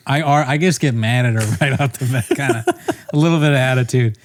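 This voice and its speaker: A young man rambles through a funny story on a casual podcast, swearing freely and laughing at his own blunders. His voice sits at an average pitch and sounds dry and close, with almost no room around it. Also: moderate pace, no echo. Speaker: podcast co-host. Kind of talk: casual comedic podcast chat.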